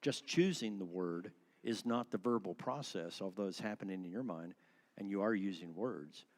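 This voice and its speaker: A man's voice: low voice, normal speed. A man teaching a church class, asking questions and shifting his word stress for effect. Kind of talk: interactive church class lecture.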